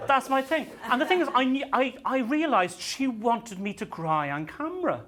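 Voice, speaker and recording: A man's voice: extremely high pitch, expressive, moderate pace, few pauses, very noisy. A man performing a stand-up comedy set on a venue stage, self-deprecating, with stammering restarts and acted-out dialogue.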